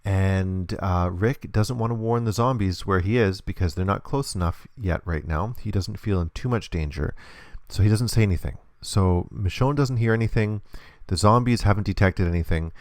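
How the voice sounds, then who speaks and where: A man with a low, gravelly voice walks through a hands-on demonstration lesson. He explains patiently and step by step, and the recording sounds close and dry. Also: normal speed, hardly any pauses, a little mellow, no room sound. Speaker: instructor.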